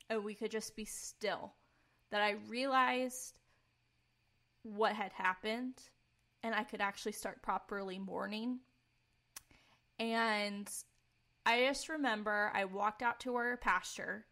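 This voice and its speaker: A woman's voice: mid-range voice, sharp tone. A young woman, a podcast co-host, candidly telling her personal faith testimony in casual talk, earnest and peppered with "like". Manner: earnest, candid, filler-heavy with frequent "like".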